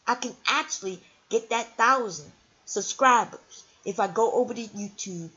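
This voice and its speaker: A woman's voice: a little high, unhurried, sharp tone, breathy edge. Sassy, taunting woman vlogger. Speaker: channel host. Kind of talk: casual ranting livestream talk. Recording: dull lo-fi sound.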